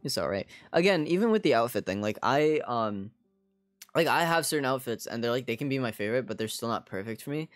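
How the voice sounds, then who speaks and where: Man, game streamer, casual rambling chat, lots of filler words, mid-pitched voice, dry sound, soft music underneath. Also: lively intonation, quick pace, no echo. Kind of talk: casual live gaming chat.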